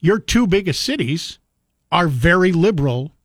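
A talk radio host, a man with a somewhat raised pitch, speaking in an opinionated, conversational manner. His voice is close and dry, with no room sound at all. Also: lively intonation, moderate pace, no room sound. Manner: conversational, opinionated, chuckles easily. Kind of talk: talk radio chat taking calls.

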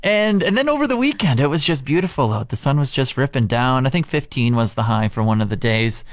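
A man bantering on a morning radio show, teasing his co-host with a playful, laughing manner. His pitch leaps around in a lively way, and the sound is close and dry with no room around it. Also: brisk, no echo.

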